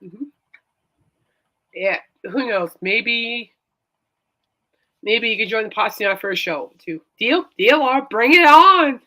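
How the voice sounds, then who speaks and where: A woman's voice: medium pitch, takes it slowly, long pauses, bright, forceful tone. A woman hosting a casual chat show, rambling and laughing often. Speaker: host.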